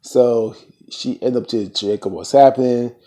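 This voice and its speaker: A man casually recapping a TV episode in an animated, slangy way, full of playful asides. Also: medium pitch, measured pace. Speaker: TV recap vlogger.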